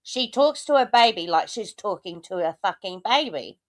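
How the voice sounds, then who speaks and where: A woman's voice: medium pitch, lively intonation, moderate pace, dry recording. A woman hosting a show, commenting sarcastically on clips and swearing often. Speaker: host reacting to clips. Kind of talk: casual commentary over clips.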